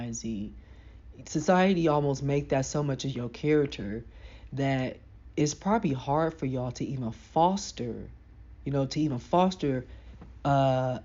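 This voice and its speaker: A woman with a deep voice giving casual, frank motivational advice to camera. She talks emphatically, in slang. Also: darkish tone, dull audio. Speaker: self-help vlogger.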